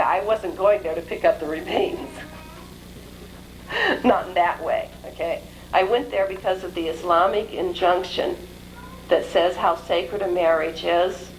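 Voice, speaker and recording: A middle-aged woman speaks to a gathered audience in a rather low voice, telling a personal story. She tells it in a lively way and slips into the voices of the people she quotes. A faint hiss of noise sits under this old recording of a talk. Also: poor audio. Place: lecture hall.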